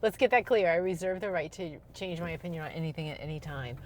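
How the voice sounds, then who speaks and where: Loud rambling woman vlogging in her car. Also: fairly low pitch, fast talker. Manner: loud, self-deprecating, rambling. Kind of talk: rambling casual monologue. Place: in her car while driving. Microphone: clip-on microphone.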